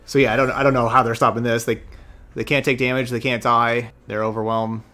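A man's voice: mid-range voice, flat delivery, a little fast, pushed and bright, soft background music. A man streaming a card game, giving casual commentary as he plays, thinking aloud and correcting himself as he goes.

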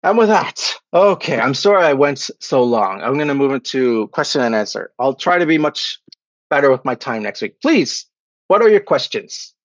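A man's voice: mid-range voice, big pitch swings, moderate pace, dry recording. A man giving an academic lecture over a video call, checking in with "okay?" and "right?" after each point. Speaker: guest lecturer. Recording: dry, dull lo-fi call audio.

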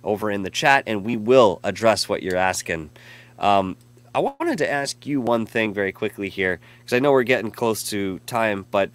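A man's voice: on the low side, animated, moderate pace. A man hosting a casual live stream, rambling and effusive as he reads out chat messages and thanks viewers. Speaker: live show host.

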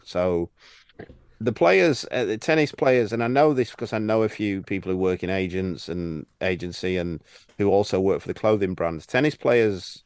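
A man's voice: low-pitched, a little mellow, no room sound. A man who coaches tennis, explaining things on a podcast with anecdotes and restarts. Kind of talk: casual podcast chat.

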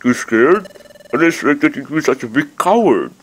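A man voicing a brash male gas-ball bully sidekick in a video game, jeering loudly. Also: a little high, animated, moderate pace, rough recording.

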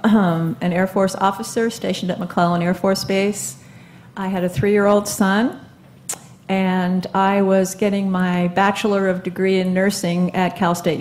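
A woman in her seventies speaking onstage at a live event, telling her own story in an earnest, halting way with many fillers and restarts. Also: on the low side, darkish tone, a little hiss or hum. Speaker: guest speaker. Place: live event stage before an audience.

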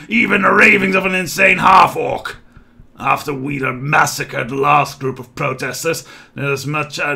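A man puts on a brooding male half-orc rebel leader from a video game, gravelly and grand. He sounds bright and edged and pitched a little high. He speaks in formal, old-fashioned phrases. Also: full character voice.

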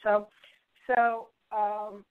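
A woman guest telling a personal story in an interview, bubbly and animated, acting out what others said. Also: medium pitch, very slow, phone-quality sound. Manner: bubbly, animated storyteller who acts out quoted voices.

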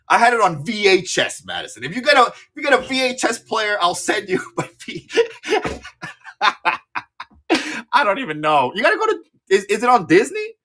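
A man in his thirties hosting a live-auction stream in casual chat, excitable, swearing freely and often repeating his words. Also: high-pitched. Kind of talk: casual livestream sales chat.

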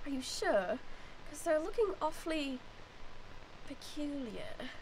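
A woman's voice: high voice, sing-song, takes it slowly, a crowd in the background, full character voice, poor audio. A woman playing the wistful mistress of a manor in an improvised old-time radio play, speaking with hesitant, questioning phrasing.

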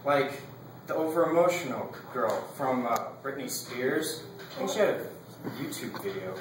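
A man's voice: medium pitch, animated, moderate pace, very echoey, far from the mic, noisy background. A young man giving a casual class speech. He rambles, fills his talk with "like" and laughs between his points.

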